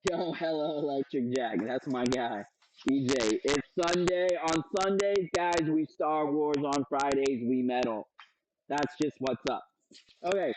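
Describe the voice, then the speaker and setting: A young man streams himself cooking at home, loud and loose with plenty of profanity and jokes for his viewers. His voice sits a little high, with a faint hiss behind it. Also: unhurried. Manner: loud, profane, joking, reads chat aloud. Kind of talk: casual live-stream cooking chat. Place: home kitchen. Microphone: streaming setup with several cameras.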